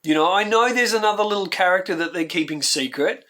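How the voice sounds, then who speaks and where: A man's voice: high-pitched, lively intonation, quick pace, pushed and bright. An Australian man hosting his own channel, giving heartfelt, rambling reaction commentary that circles back on itself, and getting emotional as he talks. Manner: heartfelt, ranting, repeats himself. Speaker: YouTube host.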